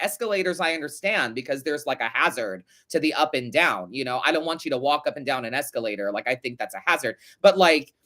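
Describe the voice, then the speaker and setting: A young man talks through a casual podcast monologue, ranting with sarcasm and frequent swearing. His voice is bright and a little tense, sitting slightly high for a man. He sounds animated and exasperated throughout. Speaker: podcast host and tarot reader.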